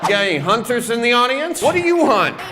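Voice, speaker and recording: A man doing stand-up comedy and bantering loudly and incredulously with the crowd on a comedy club stage. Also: very high-pitched, sing-song, quick pace. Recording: live club recording with crowd noise. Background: audience laughter.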